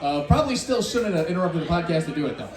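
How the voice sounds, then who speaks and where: High-pitched guy rambling on a podcast, sounds far off in an echoey room. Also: expressive, fast. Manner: playful, rambling, puts on hype radio voice. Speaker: guest comedian. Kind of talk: casual podcast chat.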